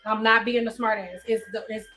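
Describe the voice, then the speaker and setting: Woman, hairstylist, live stream host, high voice, blunt, insistent, repeats questions. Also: steady tone, brisk, bright, forceful tone, soft background music.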